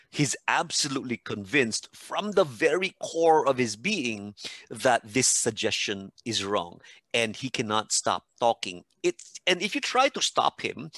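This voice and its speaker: A man co-hosting a podcast, explaining psychology through long hypothetical examples in an animated way. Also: mid-range voice, no echo.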